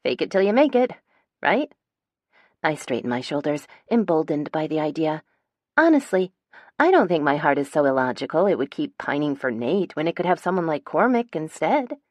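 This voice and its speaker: A young woman reads a first-person romance audiobook. Her natural voice sits low, and she lifts it brightly for the chatty friends in the scene. The recording is dry and close, with no room sound. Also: normal speed, no room sound. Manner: lively, voicing bantering friends with raised pitch. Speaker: audiobook narrator.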